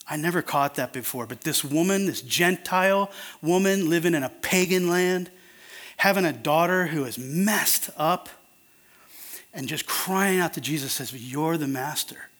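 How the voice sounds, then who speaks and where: A man's voice: on the high side, fairly bright tone. A man preaching an earnest, conversational sermon that turns emphatic at times.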